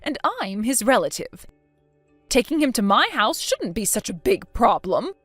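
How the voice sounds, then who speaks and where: A woman reads a scheming elderly grandmother in a texting story. She sounds indignant and self-pitying, always defending herself. The voice sits a bit high with lively swings, dry and close, over faint music. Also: normal speed, no echo.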